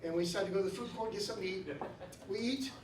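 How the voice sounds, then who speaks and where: A man in his fifties telling stories in a stand-up comedy set, breaking into shouted rants. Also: sits high, racing, background noise. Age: 50s. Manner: storytelling, bursts into shouted rants. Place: comedy club stage. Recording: roomy club sound from a distance. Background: audience laughing.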